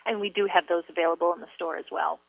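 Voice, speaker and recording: A woman's voice: lowish voice, steady tone, racing, vocal fry, no echo. A woman moderating a webinar, businesslike, reading out audience questions. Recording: tinny phone-like line.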